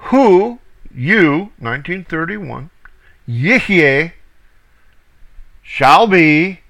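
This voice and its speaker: A man teaching from scripture, reading each verse slowly and deliberately, calling out reference numbers and stressing key words. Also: fairly high pitch, animated, fairly bright tone, poor audio. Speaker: Bible teacher. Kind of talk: scripture reading with word study.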